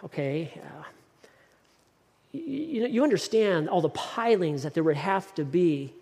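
A man's voice: on the high side, unhurried, creaky. Male genie, hesitant and apologetic, played by a preacher in a joke; long hall reverb. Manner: hesitant, fumbling excuses.

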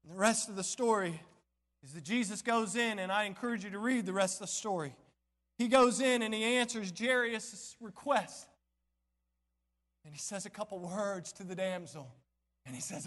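A man pastor preaching a sermon in a church, impassioned, swinging between shouting and near-whispering. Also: very high-pitched, moderate pace. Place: church sanctuary. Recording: long church hall reverb.

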